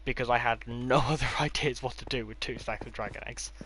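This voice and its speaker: A man's voice: mid-range voice, fairly even intonation, a little fast, fairly bright tone. A man giving a casual, rambling tour of his game builds, with offhand delivery and dry sarcastic asides. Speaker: gaming creator.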